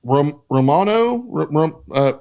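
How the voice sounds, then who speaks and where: A man co-hosting a casual podcast, reading out listener questions in a loose, joking way. His voice sits a little high. The recording sounds somewhat dull and lo-fi. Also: expressive, a little slow. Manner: loose, joking, swearing, stumbles over names.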